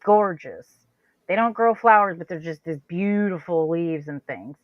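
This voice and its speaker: A woman chatting casually on a stream, spinning a story with plenty of energy. Her voice leaps up high when she acts out what others said, and it sits close and dry with a slightly muffled sound. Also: a little slow, no echo. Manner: animated, acts out quoted voices with sudden high pitch. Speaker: co-host.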